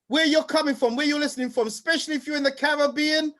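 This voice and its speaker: A man from the United Kingdom hosts a lively online event over a video call, playfully rattling off shout-outs in quick lists. His voice sits notably high for a man.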